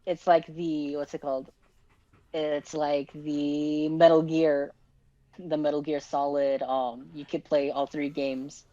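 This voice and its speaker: A man in a casual podcast chat, relaxed and chuckling. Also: fairly high pitch, slow, dry recording. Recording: dull lo-fi microphone.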